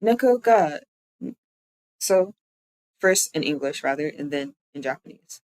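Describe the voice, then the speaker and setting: A VTuber streamer giving a live-streamed language lesson, explaining step by step and repeating words slowly. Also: mid-range voice, no echo, rough recording.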